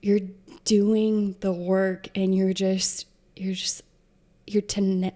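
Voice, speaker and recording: A woman's voice: mid-range voice, level tone, drawn-out words, dark tone. A woman from a charity interviewing a recipient, talking effusively and rambling, with lots of filler words. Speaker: charity staff member interviewing. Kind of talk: warm conversational interview.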